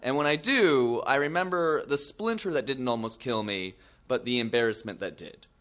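A young man telling an embarrassing story on stage, animated and self-deprecating, with frequent asides. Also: medium pitch, normal speed. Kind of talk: live comic storytelling.

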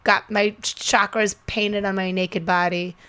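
A woman's voice: medium pitch, flat delivery, unhurried, sharp tone, smooth. A young woman comedian in casual chat, talking loosely with lots of filler words.

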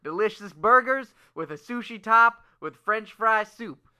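A man's voice: high-pitched, expressive, a little slow, bright, forceful tone, smooth, voice pushed up, full character voice. A man playing a dim-witted, rambling caller in an improvised comedy phone bit. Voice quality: goofy and rambling.

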